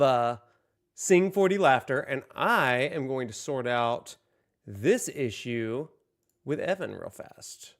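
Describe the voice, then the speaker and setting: A man hosting a casual livestream from home, joking, laughing often and chatting directly to his viewers. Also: a little high. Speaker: livestream host.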